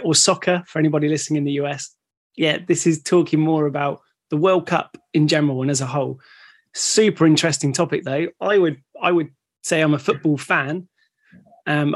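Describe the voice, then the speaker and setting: A man's voice: a little high, vocal fry. A man co-hosting a podcast in an upbeat, casual way, laughing often and agreeing readily. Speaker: podcast co-host. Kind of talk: casual chat.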